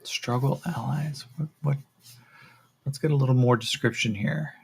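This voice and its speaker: A man running a solo tabletop role-playing game on a stream, relaxed and thinking aloud with a lot of fillers and swearing. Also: mid-range voice, moderate pace, creaky, slight background noise. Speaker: solo game master and player.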